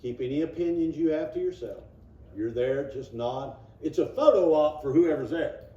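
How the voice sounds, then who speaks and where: A man teaching a casual Bible class, reading verses aloud and breaking into quick impressions of the people in them. His voice sits a little high but sounds mellow. He is heard from across an echoing church room. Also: animated. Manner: folksy, acts out the people he quotes; reads scripture aloud, then explains it. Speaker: Sunday school teacher. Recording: roomy, distant, dull room recording.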